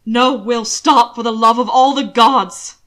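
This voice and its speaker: A woman voicing a fiercely protective man who shouts commands and drops to a hushed, trembling voice when afraid. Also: fairly low pitch, flat delivery, moderate pace, vocal fry, husky. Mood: shouting. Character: fierce, protective older male lover.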